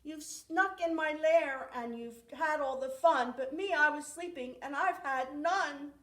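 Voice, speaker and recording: A woman voicing a big grumpy bear who complains loudly. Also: high voice, measured pace, pitched above the performer's own voice. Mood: sulky. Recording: echoey room, far from mic.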